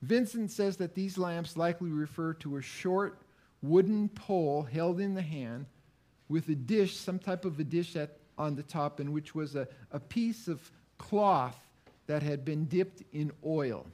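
Middle-aged guy preaching slow and steady, slightly high voice, asks the room questions. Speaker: pastor. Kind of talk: sermon.

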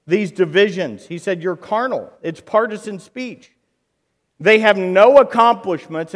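A man preaching a sermon in an animated way, acting out quoted voices and rising to loud bursts. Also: high-pitched, big-room sound.

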